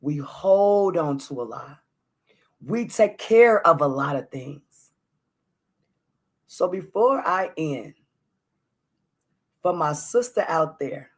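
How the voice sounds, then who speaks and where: Woman host, heartfelt solo podcast talk, earnest and open, casual direct address to her audience. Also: low-pitched. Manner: earnest, open, speaks straight to listeners; casual, warm address with "y'all".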